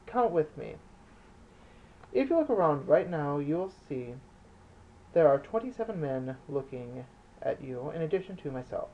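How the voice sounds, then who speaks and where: A cold, calculating smuggler, as a man reads him aloud, laying out his terms in a calm, precise and quietly threatening way. The voice is gravelly and sits a little high. It comes through a dull, lo-fi audiobook recording.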